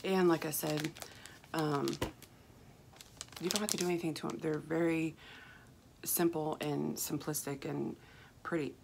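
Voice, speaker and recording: A woman, chatting casually and softly as a vlogger, rambling with fillers, her voice rough and froggy. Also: low voice, fairly even intonation, measured pace, long pauses. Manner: soft-spoken, rambling with fillers and restarts. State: rough, froggy voice with throat clearing. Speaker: craft haul vlogger. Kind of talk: casual chat. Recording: clear background hiss, crinkling packaging.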